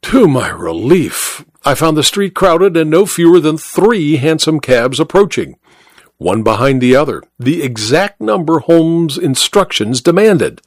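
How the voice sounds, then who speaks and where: A man reading a first-person story in a wry, measured way. His pitch moves a lot, giving an animated read. The recording is dry and close, with no room. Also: dry recording. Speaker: audiobook narrator.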